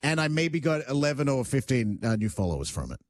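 A man's voice: mid-range voice, sing-song, fairly quick, dry recording. Male talk radio host, emphatic and self-mocking, dry close mic. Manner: emphatic, argumentative, self-joking. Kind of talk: radio talk show banter.

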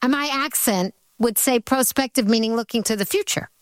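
A woman hosting a radio talk show, chatting and interviewing in a conversational way with quick asides. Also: fairly high pitch, dry recording.

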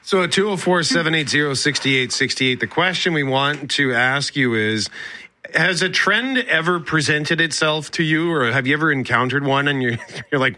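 Bright-voiced chatty radio host. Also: male voice, on the high side, lively intonation, moderate pace. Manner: chatty, laughs often. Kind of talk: casual morning radio chat.

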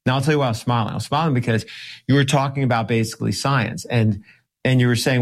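A man, a lawyer and guest, talking emphatically in an interview, slowing down to stress his points, sometimes sarcastic. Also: mid-range voice, steady tone. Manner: sarcastic at times. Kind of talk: podcast interview talk.

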